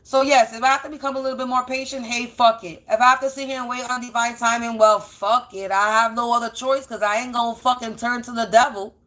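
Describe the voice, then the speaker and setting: A woman's voice: a little high, a bit bright. A woman doing a casual spiritual reading, blunt and profane, repeating phrases for emphasis. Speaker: spiritual energy reader.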